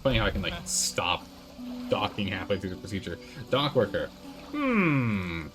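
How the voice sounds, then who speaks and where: Casual gaming streamer, chatty and animated, over game music. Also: male voice, on the low side, moderate pace. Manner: chatty, thinking aloud, reads game text. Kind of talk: casual let's-play commentary.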